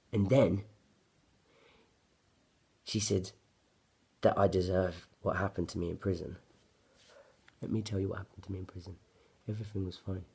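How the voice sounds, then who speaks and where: A man talks in a husky, slightly breathy voice that sits fairly low. He rants bluntly and profanely as he tells his own story straight to camera, building up agitation. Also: steady tone, moderate pace, long pauses, warm tone. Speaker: vlogger. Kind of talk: personal story told to camera.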